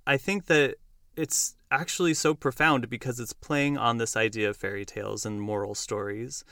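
A young man hosting a podcast, recapping a musical in casual chat, animated and quick to laugh. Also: mid-range voice, no echo, studio quality. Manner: enthusiastic storyteller who acts out lines and laughs often. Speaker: podcast host.

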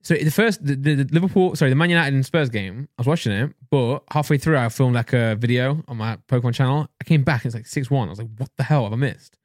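A young man with a Northern English accent tumbles through football banter at a quick clip, often restarting his sentences. His voice sits at an ordinary pitch. The sound is dry and close-miked. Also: no room sound. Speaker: podcast co-host. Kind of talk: casual chat.

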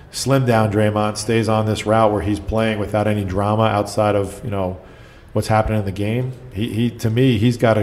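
Low-voiced man telling coaching stories. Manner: animated storyteller, acts out quotes. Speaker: basketball coach guest. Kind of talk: casual storytelling chat.

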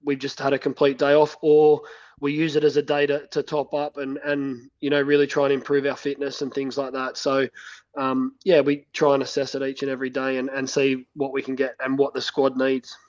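Man with halting speech on a dull phone line. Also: mid-range voice, monotone, a little mellow. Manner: halting, many fillers and restarts. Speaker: head coach of a national women's cricket team. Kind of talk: phone interview.

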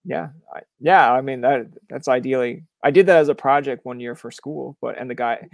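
A man's voice: medium pitch, normal speed, gravelly, dry recording. A young man from Canada hosting a podcast in casual chat, rambling with many fillers, swear words and acted-out quotes. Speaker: podcast host.

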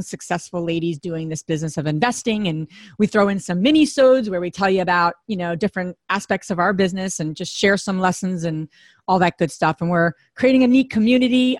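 A woman's voice: mid-range voice, no echo, studio quality. A woman co-hosting a podcast, upbeat and chatty, welcoming listeners and a guest. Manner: upbeat, chatty, many fillers. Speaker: podcast co-host. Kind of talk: casual chat and scripted intro.

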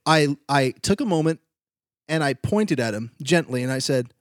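A man co-hosting a podcast, telling a story in casual chat with quick bursts and frequent laughs. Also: on the high side, lively intonation, no room sound, clean studio sound. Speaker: podcast co-host.

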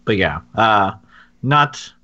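An opinionated, joking man co-hosts a casual gaming podcast chat. His voice is bright, and the recording sounds a little dull and lo-fi. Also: lowish voice, lively intonation, very slow. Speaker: podcast co-host.

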